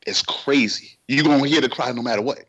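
A man's voice: mid-range voice, brisk, fairly bright tone, husky, no room sound, muffled recording. A man co-hosting a podcast, pushing back skeptically and incredulously in casual banter. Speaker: podcast co-host.

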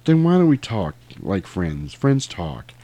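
A man's voice: deep voice, very animated, a little slow, mellow, heavily acted. A man putting on a worried mother who coaxes her teenage son to talk to her. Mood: pleading.

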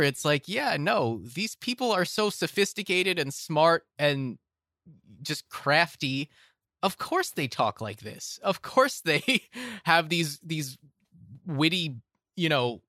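A man's voice: fairly high pitch, lively intonation, slow pace, sharp tone, no room sound, clean studio sound. A young man hosting a casual film podcast, talking with enthusiasm and often restarting his phrases. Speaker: podcast host.

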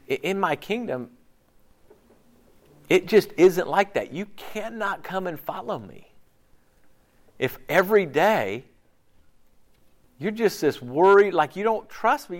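A man preaching in a casual, talky style, his pitch leaping up and down as he acts out little asides. His voice sits a bit higher than most men's. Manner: animated, conversational preaching with quick voiced asides. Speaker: pastor. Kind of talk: sermon.

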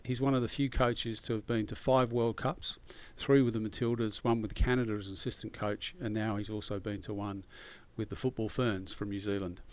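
A man's voice: mid-range voice, clear, resonant tone. A man hosting a podcast interview, upbeat and chatty, laughing easily with his guest. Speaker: podcast host. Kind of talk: casual interview chat.

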